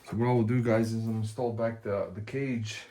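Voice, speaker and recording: A man's voice: fairly low pitch, fairly even intonation, moderate pace, dark tone, a little hiss or hum. A man casually explaining a hardware install step by step, addressing viewers as he works. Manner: explains step by step while working, talks to viewers as guys. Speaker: tech video host. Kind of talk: casual hands-on tutorial.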